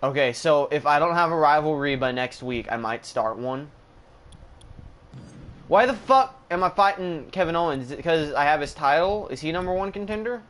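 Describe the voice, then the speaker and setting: A man's voice: a little high, animated, moderate pace, a bit bright. Profane, sarcastic male game streamer. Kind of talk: livestream gameplay commentary.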